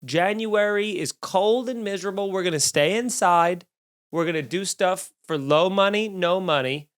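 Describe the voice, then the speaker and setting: Young male comic host, self-deprecating rant style, clear resonant voice. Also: high voice, a bit bright. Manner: sarcastic, rambling, self-deprecating. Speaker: comedian podcast host. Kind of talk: solo comedic rant. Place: home studio, drinking while recording.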